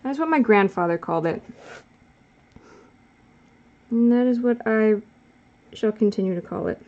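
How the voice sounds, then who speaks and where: A woman's voice: on the high side, animated, a little slow, dull audio. A woman vlogger chatting casually while she draws, rambling and correcting herself as she goes. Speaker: art vlogger. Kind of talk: casual chat while drawing.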